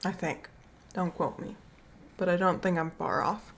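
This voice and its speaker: A woman's voice: lowish voice, fairly even intonation, measured pace, slight background noise. A woman streamer in casual chat, rambling and unsure, trailing off with fillers.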